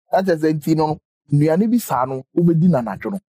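A man with a husky, dark voice who keeps the chat going with questions and short agreements. His pitch is middling and the sound is dry and close. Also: no room sound. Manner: asks follow-up questions and backchannels often. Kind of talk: casual health chat.

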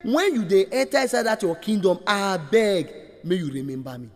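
A dying, repentant thief, voiced by a man with a Nigerian accent, speaking low and subdued. There is a long hall reverb around him. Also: animated, moderate pace, faint music behind. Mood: pleading.

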